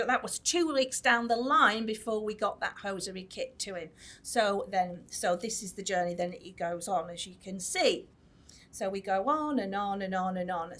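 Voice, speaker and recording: A woman's voice: mid-range voice, a bit bright. A woman who is a nurse specialist giving a chatty conference talk, with many fillers and restarts. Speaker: tissue viability nurse specialist. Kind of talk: conference presentation. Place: conference hall.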